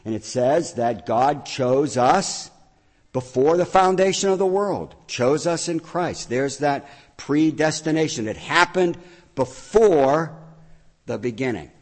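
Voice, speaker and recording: Pastor preaching in an echoing church. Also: male voice, fairly high pitch, lively intonation, takes it slowly. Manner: teacherly, repeats phrases for emphasis. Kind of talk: sermon. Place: church sanctuary.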